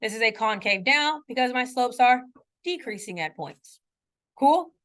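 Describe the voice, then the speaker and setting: A woman math teacher lectures in a classroom with a high, light voice. She keeps it casual and conversational, poking fun at her own slips. She often pauses to ask whether her students follow along. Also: lively intonation, a bit bright. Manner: chatty, often checks in with students; playful self-mocking asides.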